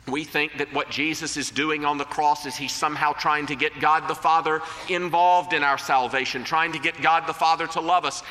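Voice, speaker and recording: Earnest preacher in an echoing hall. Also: male voice, a little high, pushed and bright. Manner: earnest, deliberate, slows to quote scripture. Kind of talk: sermon. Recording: long reverb of a large hall.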